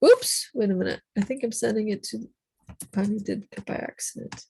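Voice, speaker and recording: Encouraging woman teaching online, slightly gravelly. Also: mid-range voice, dark tone, dry recording. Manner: encouraging, explains patiently, quick asides. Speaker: Polish language teacher. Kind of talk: online language class. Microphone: computer mic on a video call.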